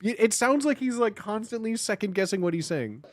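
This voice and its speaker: A man streaming casual reaction commentary, excitable and slangy, often repeating himself. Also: sits high, brisk, no echo, studio quality.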